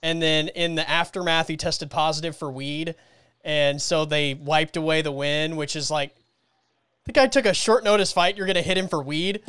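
Upbeat host, man, slightly high voice, crisp dry close sound. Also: fairly even intonation, fairly bright tone, no echo. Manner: chatty, quick, upbeat, hedging with "like". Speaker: podcast host. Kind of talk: casual podcast chat about fights.

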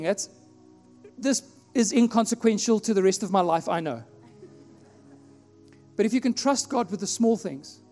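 A man from South Africa preaching a sermon in a church, telling a personal story and acting out his own prayers with animated delivery. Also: high-pitched. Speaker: pastor. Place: church hall. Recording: long hall reverb, faint music.

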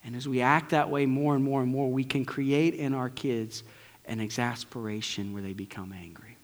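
A middle-aged male pastor preaching a conversational sermon to his congregation, swinging between loud bursts and near-whispers. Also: mid-range voice, fairly even intonation, moderate pace. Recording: long hall reverb.

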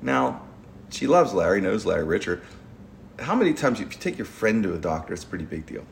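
A man's voice: lowish voice, big pitch swings, fairly quick, vocal fry, a little hiss or hum. A middle-aged man, hosting a podcast and telling a long rambling story with restarts and stumbles. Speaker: podcast host. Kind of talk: casual storytelling chat.

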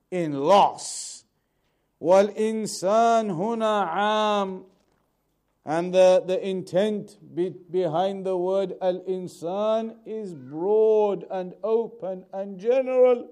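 A man teaching a lesson on Quran commentary, repeating key points and reading Arabic quickly before translating it slowly. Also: high-pitched, mellow. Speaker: Islamic teacher.

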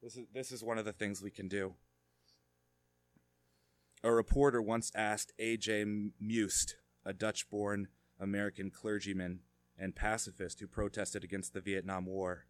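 A man delivers a sermon in a low voice, recorded dry and close. He shifts from soft, reflective passages to fervent, rising emphasis as he preaches. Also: no room sound. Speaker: pastor.

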